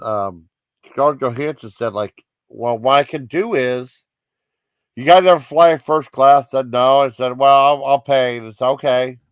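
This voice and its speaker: A man's voice: mid-range voice, no room sound. A man casually reviewing comedy sketches, rambling with many fillers and giggly asides. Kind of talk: casual chat.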